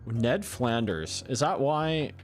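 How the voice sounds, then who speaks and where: A man's voice: medium pitch, animated, slow, faint music behind. A man casually commenting while he plays a video game, chatty and thinking aloud. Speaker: streamer.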